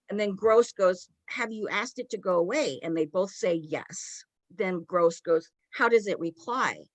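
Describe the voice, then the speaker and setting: A woman co-hosting a podcast, retelling a story in a casual, animated way with lots of "like". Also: fairly low pitch, no echo. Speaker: podcast co-host.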